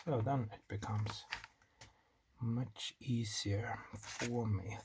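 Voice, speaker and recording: A man's voice: lowish voice, steady tone, slow. A man with a non-native English accent hosts a do-it-yourself electronics video. He talks casually and rambles with joking asides, muttering to himself as he works at a home workbench. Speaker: DIY electronics channel host. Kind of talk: casual talk-through while building a circuit. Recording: clear clicking and typing noise behind the voice.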